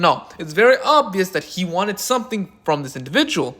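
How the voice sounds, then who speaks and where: A man hosts a drama commentary, reading out chat messages and breaking into furious, profane rants. His voice sits high for a man and leaps around a lot. He mocks people with quick put-on quoted voices. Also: big pitch swings, sharp tone. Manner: angry, profane ranting with mocking quoted voices. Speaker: commentary channel host.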